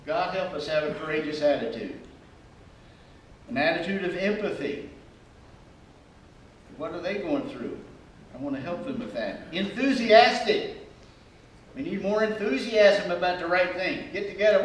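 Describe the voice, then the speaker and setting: A male pastor preaching a sermon, animated and humorous, acting out the attitudes he describes. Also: sits high, moderate pace, long pauses, slight background noise. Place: church sanctuary. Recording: echoey church hall from far off.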